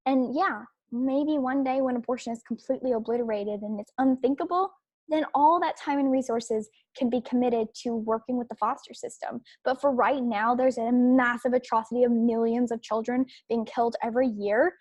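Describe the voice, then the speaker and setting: A woman's voice: fairly high pitch, steady tone, moderate pace, darkish tone, no room sound. A young adult woman hosting an opinion podcast, talking emphatically and repeating herself, with frequent restarts and fillers. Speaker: podcast host.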